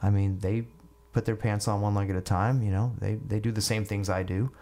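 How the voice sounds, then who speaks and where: Low-voiced middle-aged man telling stories. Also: fairly even intonation, a little fast, mellow, a little hiss or hum. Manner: rambling, repeats and restarts words. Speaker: guest musician. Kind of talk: casual storytelling.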